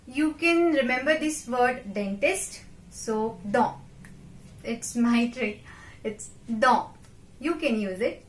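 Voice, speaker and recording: A young woman teaching French vocabulary, slowly repeating each word several times for learners to copy. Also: high voice, lively intonation, a bit bright, reverberant. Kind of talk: vocabulary lesson with repetition drills.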